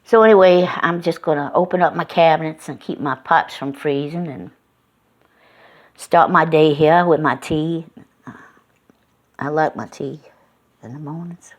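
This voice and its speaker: Low-voiced woman telling a rambling story. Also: unhurried, pauses often. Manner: chatty, folksy, meandering with many fillers. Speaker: vlogger. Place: at home.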